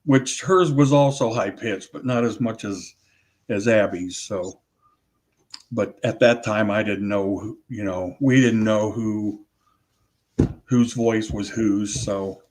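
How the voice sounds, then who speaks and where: A man's voice: lowish voice, fairly even intonation, slow pace, a little mellow. Rambling older man, audio researcher guest. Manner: rambling, many restarts and self-corrections. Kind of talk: casual interview talk.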